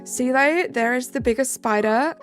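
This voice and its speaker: A woman's voice: high-pitched, normal speed. A young woman from England, live streaming and chatting back to viewer comments in a casual way. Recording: faint music behind.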